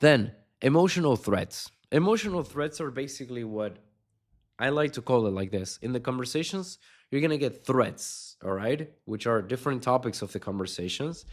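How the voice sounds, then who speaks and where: A man's voice: medium pitch, lively intonation, moderate pace. A man coaching on sales in an unscripted video lesson, blunt and swearing constantly, with punchy emphatic delivery.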